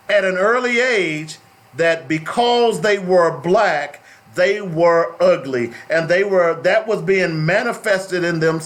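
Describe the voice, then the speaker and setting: A man's voice: sits high, a bit bright. A middle-aged man hosting a talk radio show, speaking in an emphatic, preachy way and repeating phrases for stress.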